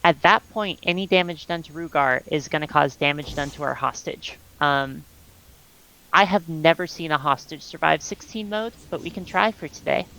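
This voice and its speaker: A woman explaining game tactics over voice chat as raid leader, calm and instructive, with many ums, on a headset. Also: low voice, moderate pace, vocal fry, a little hiss or hum, rough recording.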